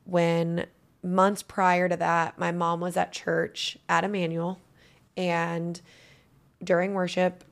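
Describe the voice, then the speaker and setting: A woman's voice: on the low side, creaky. A woman giving a guest interview, telling a personal story in an earnest, emotional way.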